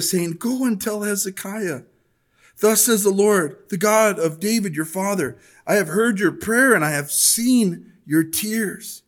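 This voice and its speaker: Man, preacher, slightly high voice, casual sermon, reads scripture with rising force. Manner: conversational, reads scripture aloud with rising intensity.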